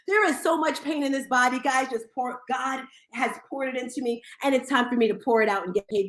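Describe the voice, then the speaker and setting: A woman hosting a live audio room, talking in an energetic, motivational way with quick asides. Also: sits high, reverberant. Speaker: show host.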